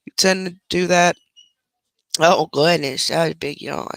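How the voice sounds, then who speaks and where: Indoors at home, a middle-aged livestream host talks casually to her audience and stops now and then to scold her dog. She speaks at a measured pace in a low voice with vocal fry, close to a desk microphone, and there's no room sound.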